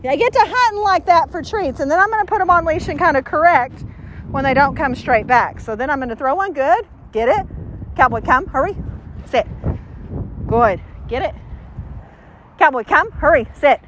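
A woman dog trainer commenting during an outdoor training session, giving quick commands and upbeat praise to a dog. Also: sits high, expressive, muffled recording, a little hiss or hum. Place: outdoors near trees.

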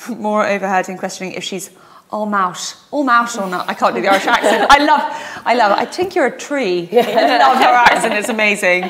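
A woman's voice: medium pitch, fairly quick, fairly bright tone. A woman hosting a studio sofa chat, chatty and blunt, laughing often. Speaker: host.

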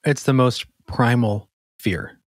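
A man co-hosting a podcast, chatting casually and musing quickly, thinking aloud with fillers. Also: medium pitch, no room sound, clean studio sound. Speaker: podcast co-host. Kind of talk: casual chat.

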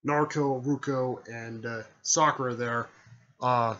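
A man's voice: mid-range voice, fairly even intonation, a little slow, bright, forceful tone, muffled recording, slight background noise. A man casually retelling a story in a rambling way, tacking "there" and "stuff like that" onto his sentences.

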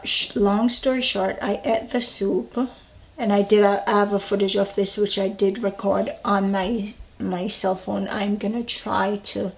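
Slow, relaxed woman vlogging at her meal. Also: medium pitch. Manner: relaxed, rambling, with fillers, talking while eating. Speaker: health vlogger. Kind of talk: casual vlog chat.

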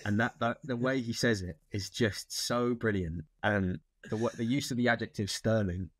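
Man, low voice, dry close sound, rambling thoughtful guest. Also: moderate pace, no room sound. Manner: thoughtful, rambling with many restarts. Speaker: actor guest. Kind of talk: casual interview chat.

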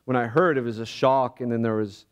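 A man's voice: medium pitch, smooth. Earnest man preaching a sermon. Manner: earnest, reflective, often halting. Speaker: pastor. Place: church.

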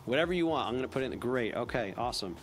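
A man's voice: medium pitch, slight background noise. Casual man coaching phone sales. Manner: energetic, acts out phone calls with quick upbeat greetings. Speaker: sales trainer. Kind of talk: casual training talk.

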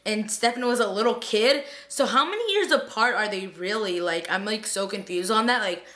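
A woman's voice: mid-range voice, lively intonation, normal speed, bright, forceful tone. A young woman chatting through a TV episode recap late at night, gushing and tired, filling her talk with "like" and paraphrased quotes. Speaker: vlogger reviewing a TV episode.

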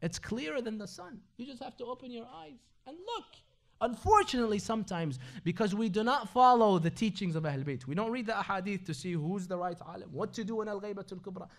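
A man with a notably high-pitched voice delivers a Ramadan lecture at an Islamic centre. He switches between recited Arabic sayings and English explanation. His talk is full of rhetorical questions put to the audience. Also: expressive, fast talker, creaky.

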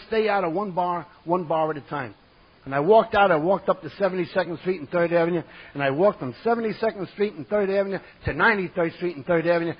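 A man with a New York accent, telling his recovery story at a conference as a gruff, streetwise storyteller who acts out the lines he quotes. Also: a little high, highs cut off. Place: conference hall.

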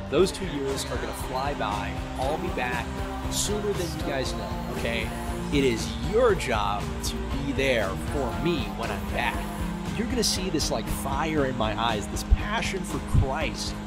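A young man livestreaming in casual chat, excitable and earnest by turns. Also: mid-range voice. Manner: excitable, swings from earnest to joking.

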